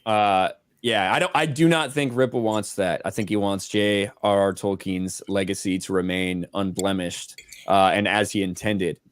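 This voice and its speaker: A man's voice: lowish voice, fairly even intonation, moderate pace, few pauses, clean tone, dry recording. A man hosting a casual livestream, reading viewers' donated messages aloud and swearing casually. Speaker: host reading super chats.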